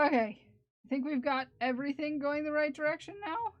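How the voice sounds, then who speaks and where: A woman with a high voice speaks fairly quickly while streaming live, chatting casually with viewers as she works on a crafting project. She laughs and talks to herself, and the lo-fi stream audio is slightly dull.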